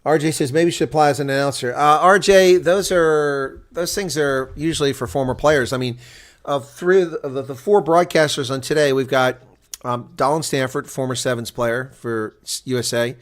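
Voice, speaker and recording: A man's voice: mid-range voice, normal speed. A tired man hosting live play-by-play reaction commentary on a rugby match, chatting to his viewers between calls.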